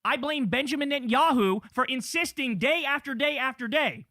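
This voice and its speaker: A man's voice: very high voice, normal speed, hardly any pauses, bright, forceful tone, no echo, studio quality. A man hosting a live political news stream, ranting heatedly and swearing as he reads headlines. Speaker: political show host.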